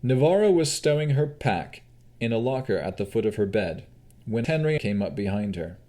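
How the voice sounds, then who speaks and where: A man narrating a fantasy audiobook, expressive and lively. His medium-pitched voice rises and falls freely as he tells the story. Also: moderate pace. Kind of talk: scripted narration.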